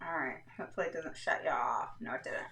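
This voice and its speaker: A woman with a deep voice speaks at a quick pace over a noisy background, hosting a casual parenting live stream. She explains things step by step and keeps checking in with viewers with "all right," recorded on a roomy, slightly distant mic.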